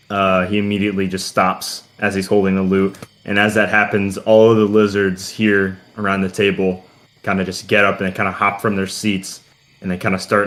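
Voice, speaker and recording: Deep-voiced man running a tabletop game. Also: a bit bright. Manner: rambling, heavy on "kinda" and "uh". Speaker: game master.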